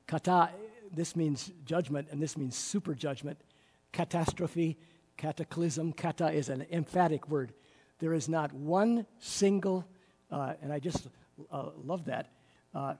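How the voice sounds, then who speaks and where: A man's voice: a little high, vocal fry, dark tone, breathy edge. A man teaching a Bible class, explaining word meanings with enthusiasm and frequent fillers, recorded in a reverberant room.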